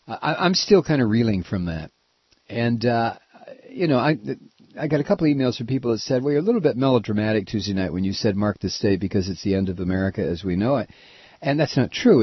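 A male talk radio host rambles through sardonic commentary and keeps stopping on "uh" and false starts. His voice is husky and sits in a middle pitch. The recording is dry and dull, with a lo-fi broadcast sound. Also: no room sound. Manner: rambling, hesitant, sardonic, many "uh"s. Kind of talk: casual on-air commentary.

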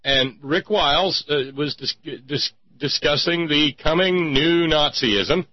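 A man hosting talk radio, giving mocking, sarcastic commentary and breaking into sudden high-pitched exclamations. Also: takes it slowly, dry recording, muffled recording. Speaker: radio host.

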